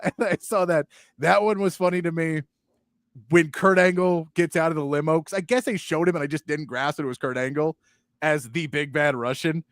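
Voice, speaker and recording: A male sports talk host chatting casually, animated and mocking, acting out lines as he goes. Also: on the high side, moderate pace, no room sound, clean studio sound. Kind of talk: casual chat.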